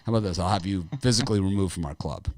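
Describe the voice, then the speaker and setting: A middle-aged man hosts a sports betting show, chatting casually and rambling, with lots of laughter. His voice sits low and races along, with no echo.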